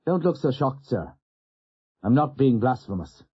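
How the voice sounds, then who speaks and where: A man's voice: medium pitch, big pitch swings, a little slow, husky, lo-fi sound, voice pushed up, full character voice. A man voicing a middle-aged ship's doctor who speaks bluntly and wryly. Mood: earnest. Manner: wry, blunt, storytelling.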